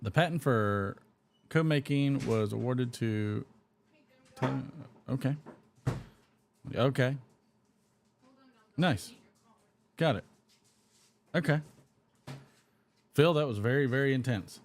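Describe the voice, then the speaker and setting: A man's voice: medium pitch, takes it slowly, creaky, long pauses, slight background noise. Guy puffing a pipe on a live stream, rambly chat, reads comments out, mid-range voice.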